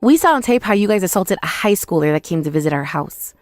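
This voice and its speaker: A woman's voice: lowish voice, lively intonation, quick pace, no room sound, studio quality, faint music behind, natural voice. A woman voicing a young ex-wife who angrily accuses her former in-laws, in a text-message story drama. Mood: accusing. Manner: accusing, scornful. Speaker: main character, ex-wife.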